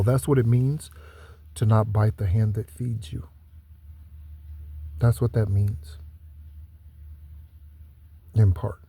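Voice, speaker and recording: Here a man with a fairly low, mellow, slightly rough voice and fairly even intonation delivers a spiritual talk to viewers on his own channel. The tone is preachy, with repetition and slow, stressed asides driving his points home.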